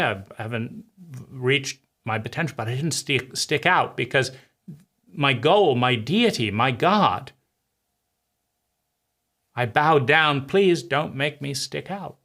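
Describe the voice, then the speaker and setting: A man teaches in an animated monologue, slipping into the voices and scenes he describes. His tone is bright and forward, and he leans on repeated rhetorical phrases to drive a point home. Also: medium pitch. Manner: acts out inner voices and scenes. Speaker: teacher of a personal-growth channel.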